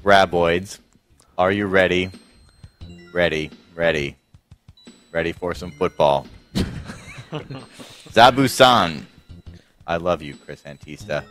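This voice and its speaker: A man on a casual podcast, reading listener messages in a deadpan voice and often breaking into laughter. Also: deep voice, slow pace, pauses often, soft background music.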